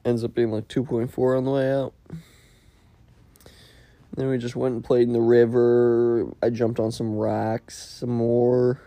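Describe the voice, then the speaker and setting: A man's voice: mid-range voice, flat delivery, unhurried, mellow, no echo. A man hosting a casual solo podcast, rambling and profane, and making fun of himself as he goes. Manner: rambling, profane, self-mocking. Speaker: podcast host.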